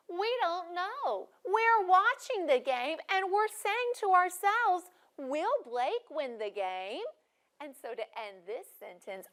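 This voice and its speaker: A woman teaching a first grade class, speaking clearly and encouragingly to students watching on video. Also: very high voice, fairly bright tone. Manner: clear, encouraging, deliberately paced teacher talk.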